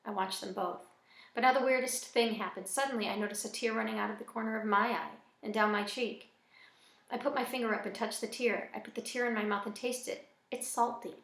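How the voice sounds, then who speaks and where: A woman reading a first-person novel aloud in a plain, even storytelling manner. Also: on the high side, a little fast, vocal fry. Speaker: audiobook reader. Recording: echoey room.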